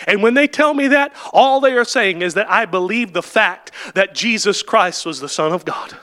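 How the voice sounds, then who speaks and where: A man preaches a sermon in a very high, piercing voice. He swings from fervent shouted lines to hushed, drawn-out words and hammers his points with repetition. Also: expressive. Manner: impassioned preaching, rising to shouts and dropping to near-whispers.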